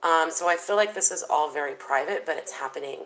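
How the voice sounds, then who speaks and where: Low-voiced woman giving a chatty tarot reading. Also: brisk, a bit bright, low-quality recording. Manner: chatty, thinking aloud with many fillers. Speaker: tarot reader.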